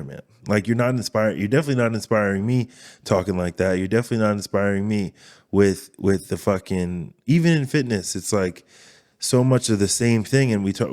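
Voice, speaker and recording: Low-voiced guy hosting a podcast, swears a lot, rambles, super candid. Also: darkish tone. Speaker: podcast host. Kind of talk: casual podcast monologue.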